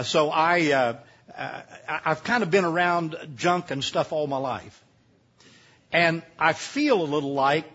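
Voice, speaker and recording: A man's voice: fairly high pitch, a bit bright, slightly rough, lo-fi sound. An older man, speaking as a guest preacher at a camp meeting in a homespun, rambling way with many restarts. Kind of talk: folksy sermon talk.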